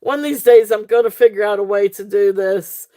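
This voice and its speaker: A woman with a mid-range, dark-toned voice talks briskly while selling jewelry on a live stream. She rambles casually, often breaks into giggles, and chats with her viewers. It's a desk setup with her face off camera.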